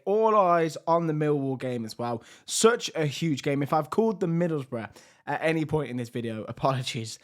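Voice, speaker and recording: Young male game commentator, slightly high voice, strained, swings hushed to excited. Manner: lively, shifts between hushed and excited. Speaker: gaming YouTuber.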